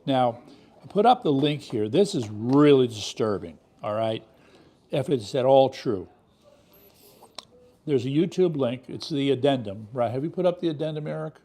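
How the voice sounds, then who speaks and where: A man's voice: medium pitch, lively intonation, normal speed, mellow. A man hosting a political commentary show, talking in an indignant, emphatic way full of rhetorical questions. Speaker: show host.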